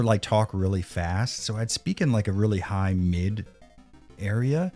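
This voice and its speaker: A man's voice: fairly low pitch, lively intonation, moderate pace, warm tone, faint music behind. A man streaming a retro video game live, chatting casually with profane, sarcastic banter. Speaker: streamer playing a retro game and reading chat.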